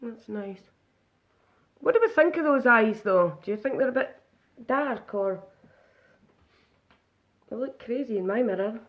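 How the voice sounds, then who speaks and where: A woman's voice: on the high side, animated, unhurried, pauses often, highs cut off. Chatty woman doing live makeup. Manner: chatty, narrates each step aloud. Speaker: makeup demonstrator. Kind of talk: casual live makeup demo.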